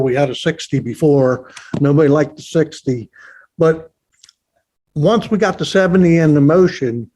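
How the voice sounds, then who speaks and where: A man's voice: fairly high pitch, darkish tone. A man, a target setter, chatting casually and thinking aloud, often repeating words. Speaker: target setter, podcast guest. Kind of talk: casual conversation.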